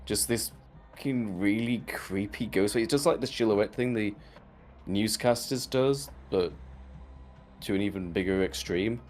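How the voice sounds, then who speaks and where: A man's voice: lowish voice, a little slow, darkish tone, a little hiss or hum. A man co-hosting a podcast, casually recapping a cartoon episode in a rambling way with lots of fillers and the odd swear word. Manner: rambling, frequent fillers and swearing, laughs while retelling scenes. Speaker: podcast co-host.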